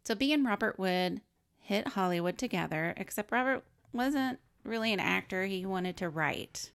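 A woman's voice: mid-range voice, lively intonation, normal speed, creaky, fairly bright tone, smooth. A woman co-hosting a casual podcast, reading from her research notes in a chatty way, explaining as she goes and laughing often. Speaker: podcast co-host.

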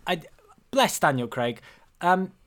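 A man's voice: high-pitched, sing-song, takes it slowly, a bit bright. Hesitant man chatting about a film. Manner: hesitant, full of ums and uhs. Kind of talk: casual film discussion.

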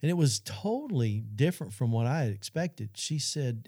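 A man's voice: mid-range voice, big pitch swings, moderate pace, warm tone, dry recording, clean studio sound. A middle-aged man telling an earnest personal testimony on a Christian talk show, speaking straight to the audience. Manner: earnest storytelling, addresses audience.

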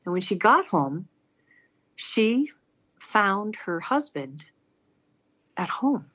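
With a medium pitch and a slow pace, a woman recounts a personal story in an earnest, animated way. She voices the people she quotes as she goes.

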